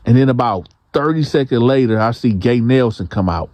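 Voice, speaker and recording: A man's voice: medium pitch, fairly quick, darkish tone, dry recording. A man telling a prison story in a casual, slangy way as the host. He acts out the quotes.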